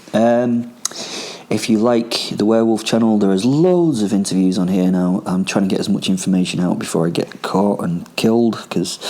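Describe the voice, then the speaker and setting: A man's voice: lowish voice, warm tone, slightly rough. A man from Rochdale with a Northern English accent, hosting a podcast and telling first-person stories as a boastful ex-soldier werewolf on the run, rambling and swearing with many ums and asides. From Rochdale, England. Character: self-styled werewolf, boastful ex-soldier on the run, male adult. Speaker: podcast host. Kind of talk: in-character first-person storytelling.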